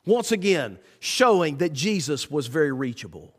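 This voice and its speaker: A man preaching a sermon, folksy and animated in his storytelling. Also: on the high side, moderate pace, breathy edge. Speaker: pastor. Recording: echoey church hall.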